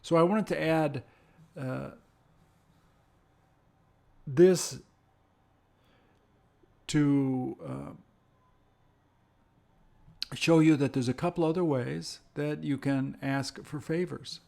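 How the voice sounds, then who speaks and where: Slow, gravelly man teaching English. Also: on the high side, mellow. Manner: slow and careful, repeating example phrases. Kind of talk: slow, deliberate language lesson.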